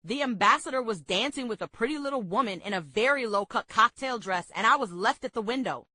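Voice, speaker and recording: Woman, steady memoir reading, bright tone, dry close sound, slightly high voice. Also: a little fast, no room sound. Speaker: book club reader.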